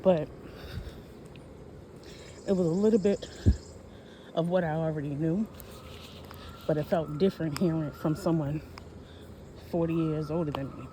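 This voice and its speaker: Forties vlogger, loose walk-and-talk, rambles and self-corrects, noisy outdoor phone audio, mid-pitched. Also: steady tone, unhurried, long pauses. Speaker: history vlogger. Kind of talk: casual walking vlog. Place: outdoors, walking on a hot day.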